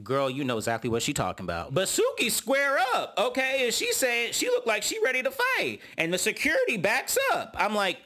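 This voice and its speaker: A young man casually recapping a reality show, animated and jumping up high when he mimics the cast. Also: fairly quick, hardly any pauses.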